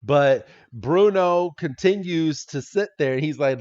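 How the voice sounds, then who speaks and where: Excitable podcast host on muffled audio. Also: male voice, on the high side, a little slow. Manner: excitable, swears casually, laughs often. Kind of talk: casual episode recap.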